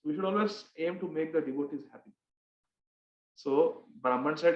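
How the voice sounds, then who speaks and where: A man giving a devotional scripture class, reciting Bengali verses and then explaining them slowly in English. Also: on the high side, echoey room, highs cut off.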